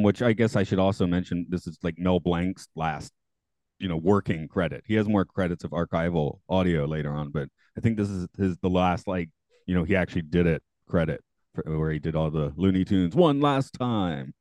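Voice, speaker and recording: A man's voice: low-pitched, darkish tone, no room sound. A man in his forties hosting a podcast, chatting casually, laughing often and rambling with restarts. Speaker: podcast host. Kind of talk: casual chat.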